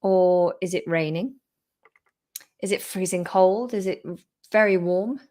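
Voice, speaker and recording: A woman teaching in a live stream, chatty, explaining slowly and repeating key phrases. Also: on the low side, mellow. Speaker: English teacher. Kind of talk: live-streamed English lesson.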